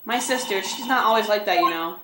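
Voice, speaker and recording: A woman voicing an earnest young female assistant from a video game, high and emotional. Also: brisk, heavy background noise, lightly acted. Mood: wistful. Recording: roomy echo over loud game music.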